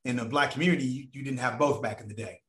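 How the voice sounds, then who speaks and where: A man's voice: medium pitch, quick pace, roomy sound. A man telling a long personal story in casual, profane talk, acting out the voices of the people in it. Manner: animated, profane, acts out voices of others.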